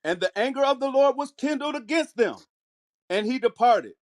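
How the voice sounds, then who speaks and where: Man, high-pitched, measured scripture reader. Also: lively intonation. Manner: measured, slows on key phrases. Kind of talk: reading scripture aloud.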